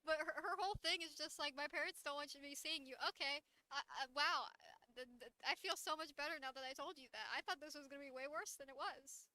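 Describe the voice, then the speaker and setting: A woman with a high, bright voice talks through a casual livestream, laughing often and dropping the odd swear word. The sound is close and dry, with no room around it. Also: fast, no echo. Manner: chatty, giggly, swears casually.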